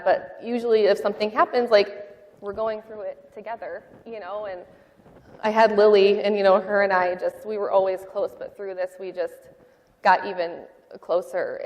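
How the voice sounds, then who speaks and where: A woman sharing a personal testimony in a church interview, talking in a halting, heartfelt way with many fillers. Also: mid-range voice, in a large hall. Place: church sanctuary.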